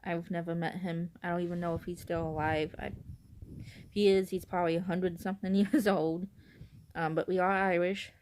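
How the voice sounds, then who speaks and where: A woman's voice: on the low side, little pitch movement, moderate pace, a little mellow, a little hiss or hum. A woman from northern Illinois talking casually to camera in a vlog. She rambles, keeps correcting herself, giggles often and admits to being nervous on camera. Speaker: vlogger.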